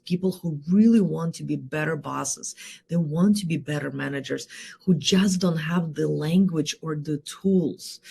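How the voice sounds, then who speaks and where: A woman coach talking straight to her viewers, lively and rhetorical, checking in with them after almost every point. Her voice has a gravelly edge and a husky breathiness. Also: low voice. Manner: energetic, rhetorical, keeps asking "right?". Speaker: host and leadership coach. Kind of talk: solo livestream talk.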